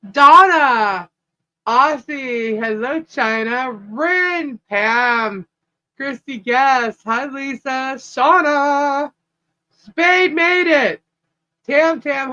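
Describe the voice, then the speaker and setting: A woman co-hosting a live stream, slowly greeting viewers one by one by name and laughing often. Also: sits high, pushed and bright, highs cut off. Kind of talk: casual live-stream chat.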